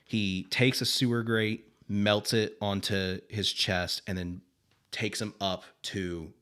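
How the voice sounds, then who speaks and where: A man's voice: on the low side, level tone, slow pace, a bit bright, smooth. A man co-hosting a podcast, retelling a comic book story in a rambling, profane, filler-heavy way. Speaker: podcast co-host. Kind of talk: casual comic book recap.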